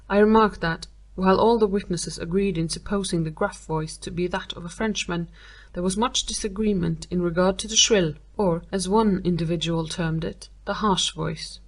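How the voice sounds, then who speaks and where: A woman narrating a classic tale as an audiobook reader, in a measured, clear delivery. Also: lowish voice, steady tone. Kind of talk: scripted narration.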